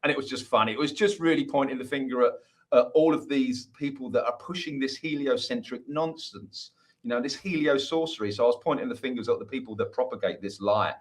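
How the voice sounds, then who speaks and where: A man appears as a podcast guest, a musician who talks at length. His speech is earnest and wandering, and he keeps restarting his sentences. His voice sits at an ordinary middle pitch. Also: brisk. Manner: earnest, rambling, many restarts. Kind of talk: casual interview chat.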